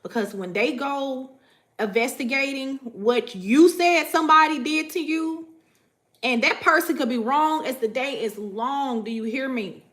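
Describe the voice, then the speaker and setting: A woman vlogging casually to her viewers about spiritual matters, animated and profane, laughing often. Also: high voice, a little slow. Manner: profane, animated, laughs often, repeats "you know what I'm saying".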